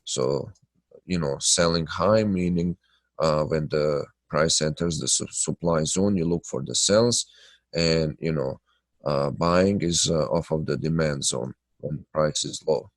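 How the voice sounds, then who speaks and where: A man with a low, nasal voice, stuffed up by his sinuses, hosts a live trading webinar. He talks loosely with lots of fillers and breaks off to greet viewers by name. The sound is dry and close to the mic. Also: a little slow, no room sound. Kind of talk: live webinar chat and chart analysis.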